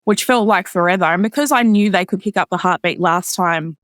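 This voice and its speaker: A woman appears as a podcast guest, chatting casually as she tells a personal story full of "like" fillers. She speaks briskly in a slightly bright voice and acts out other people's lines in a higher pitch. The studio-quality recording has no room sound.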